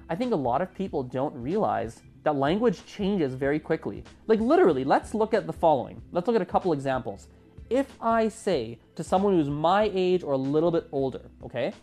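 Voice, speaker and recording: A podcast host in their twenties, talking casually and with animation on a solo episode. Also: medium pitch. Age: 20s. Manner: chatty and animated, with a lively rising delivery.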